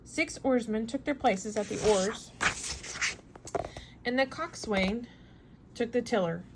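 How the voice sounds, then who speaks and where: A woman reading a novel aloud in steady narration, with small slips and restarts. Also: fairly high pitch, slow, very noisy. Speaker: reader.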